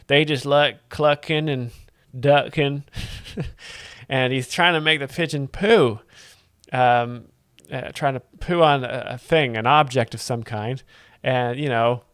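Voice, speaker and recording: A man giving mock-earnest comedic commentary as a livestream host, deadpan and rambling, halting with many fillers. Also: medium pitch, clear, resonant tone, no room sound, clean studio sound. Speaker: joke explainer host of a livestream.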